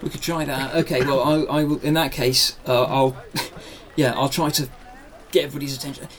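A man playing in a tabletop game, speaking in a halting, hesitant way. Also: mid-range voice, fairly even intonation. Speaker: player. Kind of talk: casual play chat.

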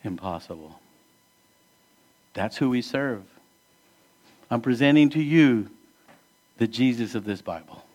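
Guy pastor preaching, chatty and earnest, asks the crowd stuff, gets loud then goes real quiet, normal pitch voice. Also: measured pace, pauses often. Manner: conversational, earnest preaching with rhetorical questions; swings between emphatic rises and hushed drops. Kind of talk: sermon.

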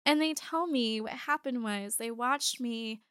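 A woman's voice: fairly high pitch, a little slow, a bit bright, clean tone, no room sound, studio quality. A woman in her forties telling a personal story in casual chat, candid, swearing and laughing as she goes.

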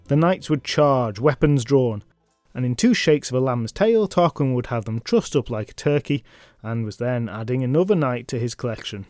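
A male podcast host retells old legends in a chatty, comic way, full of wry asides. His voice sits at a middle pitch. The sound is close and dry, with no room in it. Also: expressive, normal speed, a little mellow, dry recording, soft background music.

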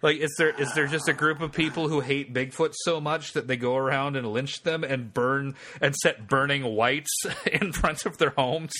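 A man's voice: medium pitch, fairly even intonation, normal speed, few pauses, sharp tone. A man hosting a podcast, reading out text-adventure game narration and chatting with jokes between passages. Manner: reads game text aloud, then chats and jokes.

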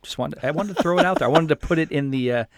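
Joking, swearing podcast host. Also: male voice, fairly high pitch, racing, no room sound, studio quality. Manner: laughing, joking, swears freely. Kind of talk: casual chat.

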